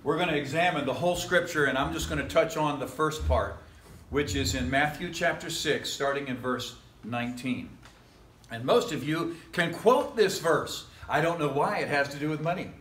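A pastor preaches in an easygoing, joking way, drifting into chuckling asides. His voice sits a little high and sounds bright and forceful. The church room adds a strong echo. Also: normal speed, slight background noise. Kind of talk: casual conversational sermon. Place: church sanctuary.

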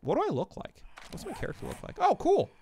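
A man putting on a high, silly accent to voice his female game character. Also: huge pitch swings, fast, vocal fry, dark tone, heavily acted. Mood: chirpy. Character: the streamer's female game character, a chirpy lady.

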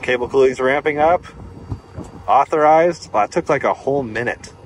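A relaxed man with a mid-range voice narrates a charging stop with dry little jokes. He is recorded outdoors, and clear wind noise buffets the mic. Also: medium pitch, normal speed, low-quality recording. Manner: relaxed, wry, jokes to himself. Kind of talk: casual vlog narration.

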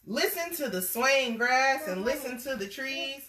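A woman's voice: sits high, animated, a little slow, pushed and bright, far from the mic, slight background noise. A woman reading a picture book aloud to a child, with playful, chatty asides between pages. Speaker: storybook reader and host. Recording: echoey room, away from the mic.

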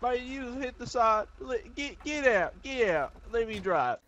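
A man's voice: very high voice, lively intonation, measured pace, fairly bright tone, lo-fi sound, slight background noise, heavily acted. A man role-playing a jittery, rowdy redneck who wants to recruit people into his gang, talking in a folksy way. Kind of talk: video game role-play.

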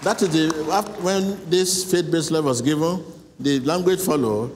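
A man's voice: a little high, normal speed. A man preaching a sermon in a large church, emphatic and repetitive, guiding a congregation in prayer. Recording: echoey hall with faint noise.

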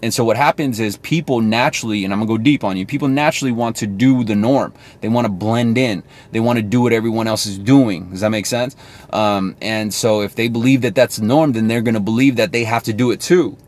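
A man with a lowish voice talks casually to camera, coaching viewers on sales. He is chatty and thinks aloud as he goes. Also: brisk.

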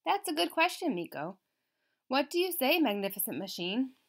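A bright young girl inventor greets each neighbor in a friendly, lifted voice, as a woman reads her. She sounds eager and sure of her machine, with a fairly high pitch. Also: sing-song, moderate pace, exaggerated voice. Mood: cheerful.

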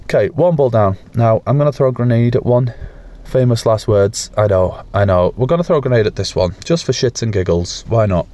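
A man's voice: mid-range voice, expressive, fairly quick, mellow. A young man giving casual, self-mocking commentary while playing a survival game, swearing now and then and tossing in playful sound effects. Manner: makes playful sound effects and coos at pets. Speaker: gaming YouTuber.

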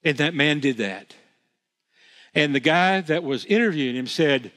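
Expressive and fairly high-pitched with a bit of brightness, a pastor delivers a sermon at normal speed, pausing often. He's earnest, repeating phrases for emphasis and restarting frequently, all echoing with the long reverb of a church sanctuary.

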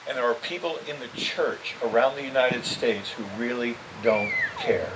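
A man's voice: mid-range voice, moderate pace. An older man preaching a sermon as interim pastor, earnest and building to emphatic appeals. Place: church sanctuary. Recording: distant mic with steady background noise.

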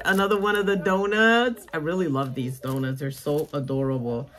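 A young adult woman vlogging as she opens a mail package, gushing with excited exclamations. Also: mid-range voice, normal speed, hardly any pauses. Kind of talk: casual unboxing vlog.

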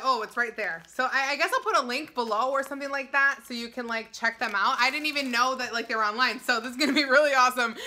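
Very bright-voiced excitable young woman. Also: high voice. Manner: gushing, excitable, filler-heavy. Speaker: YouTuber. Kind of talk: casual food-tasting vlog.

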